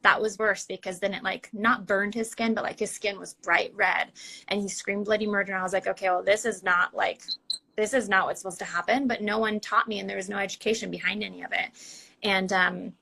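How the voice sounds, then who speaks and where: A woman's voice: medium pitch, brisk, creaky, poor audio. A young adult woman telling her story as an interview guest in casual chat, full of "like" fillers, acting out what others said. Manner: chatty, many "like" fillers, quotes others in lively voices.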